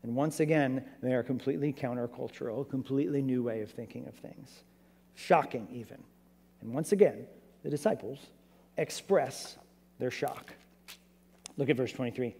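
A man preaching a sermon as pastor, animated and conversational, asking his church many rhetorical questions. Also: mid-range voice, moderate pace, vocal fry, husky, long reverb tail.

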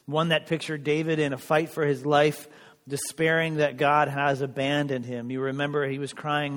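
A male pastor preaching a sermon in a church, earnest and conversational, with emphatic pauses. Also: fairly high pitch, flat delivery, fairly bright tone, big-room sound.

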